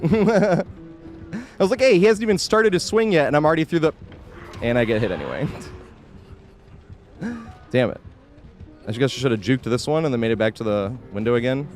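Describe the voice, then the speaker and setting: A man commentating his own live gameplay stream in a chatty way, shouting at the game when it goes wrong and then apologizing, and thanking viewers as he plays. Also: mid-range voice.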